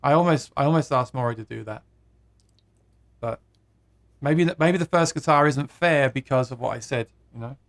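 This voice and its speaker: A man's voice: mid-range voice, normal speed, long pauses. A man hosting a live guitar stream, chatting casually, reading viewer comments aloud and laughing at his own jokes.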